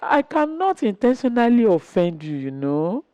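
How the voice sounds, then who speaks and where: A woman's voice: mid-range voice, normal speed. A woman in her sixties, telling stories about her marriage in an interview and acting out what was said. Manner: animated storyteller acting out quotes. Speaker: interview guest, wife. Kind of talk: storytelling interview chat.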